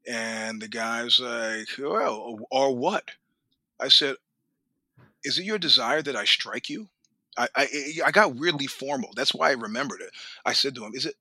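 A middle-aged man spins profane, animated stories as a podcast guest, laughing as he goes and jumping into the voices of people he quotes. His tone is bright and forceful, and the close mic sounds dry with no room around it. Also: medium pitch, no room sound. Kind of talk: storytelling in a casual interview.

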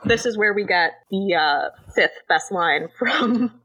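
Canadian woman co-host, bright and sharp tone, chatty recap with lots of "like". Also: mid-range voice, animated, slow pace, husky, poor audio. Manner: chatty retelling, many "like" and "uh" fillers. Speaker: podcast co-host. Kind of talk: casual movie recap chat.

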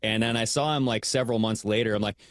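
A man's voice: fairly low pitch, steady tone, quick pace, no echo, clean studio sound. A young man co-hosting a casual podcast chat, telling stories and acting out what other people said. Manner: storytelling, acts out others' lines in shifted voices. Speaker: podcast co-host.

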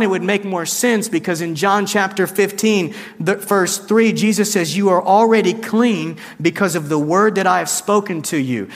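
A man's voice: high-pitched, in a large hall. A man preaching a conversational sermon, acting out quoted lines with shifts in his voice. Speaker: pastor.

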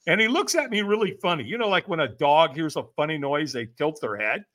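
A middle-aged man telling a story as a podcast guest, with a high, bright, forceful voice. His pitch swings widely as he acts out the people in his tale and keeps asking "right?" to pull the listener along. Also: brisk. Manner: lively, acts out quoted voices, frequent "right?". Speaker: podcast guest, personal development coach. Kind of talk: animated storytelling in a podcast interview.

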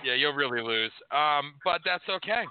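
A man's voice: on the high side, lively intonation, moderate pace, clean tone, no room sound. Brash, profane male radio host. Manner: brash, profane, sarcastic ranting. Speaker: radio call-in show host. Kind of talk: casual political radio chat. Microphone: headset. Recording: tinny phone-like audio.

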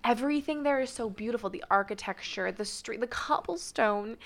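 A young woman from Arizona talking as a podcast guest in a casual, animated way, full of "like" and "dude". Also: fairly high pitch, brisk. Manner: animated, chatty, heavy on "like" and "dude".

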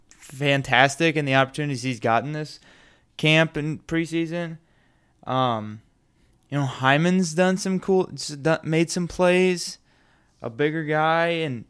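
A man's voice: a little high, clear, resonant tone. A man hosting a sports podcast, talking casually and bluntly, with strong opinions and some mild cursing. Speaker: podcast host.

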